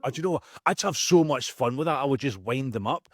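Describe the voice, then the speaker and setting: A man's voice: mid-range voice, expressive, fast, no room sound, clean studio sound. Joking Scottish man hosting a podcast. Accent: Scottish, Glasgow. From Scotland. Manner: jokey, laughs often, swears casually. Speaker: podcast host. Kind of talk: casual interview chat.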